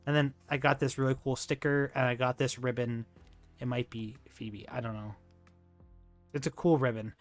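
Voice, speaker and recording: A man's voice: medium pitch, fairly even intonation, moderate pace, no echo, faint music behind. A man chatting casually on a livestream, rambling and gushing, with lots of fillers, restarts and slang like "dude". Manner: slangy, says dude and bro. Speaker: streamer.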